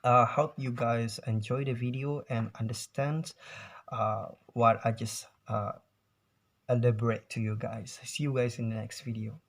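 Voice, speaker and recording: Slow, hesitant young man presenting. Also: mid-range voice, flat delivery. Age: young adult. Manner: hesitant, many fillers and restarts. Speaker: student presenter. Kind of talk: class presentation on pronunciation.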